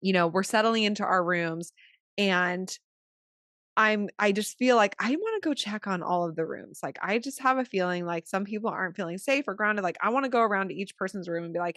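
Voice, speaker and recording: A woman co-hosting a podcast who tells stories in an animated way, laughing often. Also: medium pitch, normal speed, dry recording, clean studio sound. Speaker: podcast co-host, retreat leader. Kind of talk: casual chat.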